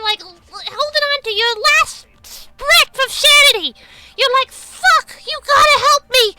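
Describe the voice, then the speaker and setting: A woman voicing a whiny, pedantic online commenter in a squeaky, tight-jawed baby voice for a comedic rant. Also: bright, forceful tone, exaggerated voice.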